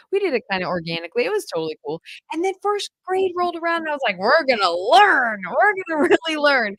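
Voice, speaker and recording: Talking directly to her audience as "you guys," a woman homeschool coach delivers an enthusiastic, chatty podcast monologue in a high voice. There's no echo, though the recording quality is low.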